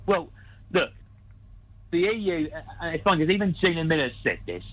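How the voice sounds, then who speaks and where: A man calls in to a radio phone-in, his slightly high voice squeezed thin by a tinny phone line. He argues eagerly and keeps pressing his point. He laughs easily between arguments. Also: expressive, normal speed. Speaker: caller. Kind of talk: phone-in call.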